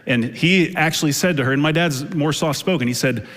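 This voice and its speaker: A middle-aged male pastor preaches a sermon in a church sanctuary, telling stories conversationally with many fillers. His voice is fairly high and fairly bright, his pace brisk, and the church hall adds long reverb.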